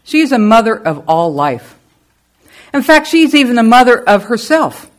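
Leading a service, a middle-aged woman gives a spiritual talk to her congregation at a slow, deliberate pace. She is a lively storyteller, her pitch rising and falling in wide, animated swings.

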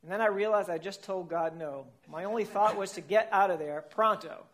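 A man's voice: high-pitched, a little fast, fairly bright tone. Playful man telling a comic story. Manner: playful, comic, laughing at his own lines. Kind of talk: first-person storytelling as a whale.

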